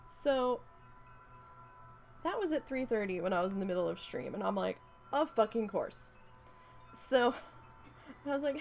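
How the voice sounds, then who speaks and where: A woman's voice: medium pitch, very animated, unhurried, vocal fry, long pauses, darkish tone, soft background music. A woman, chatting casually and rambling through a story while she crafts, swearing freely. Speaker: craft vlogger.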